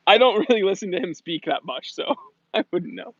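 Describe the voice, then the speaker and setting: A man's voice: sits high, fairly quick, breathy edge, no echo, highs cut off. A man hosting a casual livestream Q&A about watches, playful and chatty, reading out viewer comments. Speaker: watch channel host. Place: Los Angeles.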